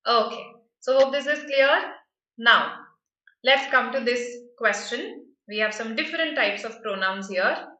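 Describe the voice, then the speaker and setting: A woman's voice: fairly high pitch, a little slow, pushed and bright, roomy sound, dull audio. A woman teaching a grammar lesson for exam prep, explaining patiently and often checking with "right?".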